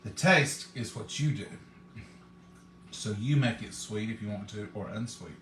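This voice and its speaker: A man's voice: fairly low pitch, a little slow, a bit bright, reverberant, a little hiss or hum. A man, hosting a live cooking stream and chatting with viewers in a homey, folksy way. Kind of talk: casual chat to viewers.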